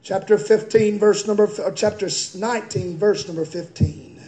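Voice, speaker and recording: A male pastor preaching a fiery sermon in a church, swinging from quiet, slow reading to high, shouted preaching. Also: fairly even intonation. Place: church sanctuary. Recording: echoey church room.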